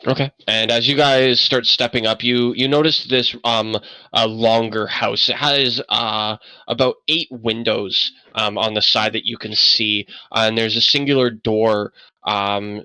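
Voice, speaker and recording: A man narrating a tabletop game as game master, halting and full of fillers. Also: fairly low pitch, steady tone, bright, forceful tone, smooth, no room sound, rough recording. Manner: many fillers, halting, stop-start narration.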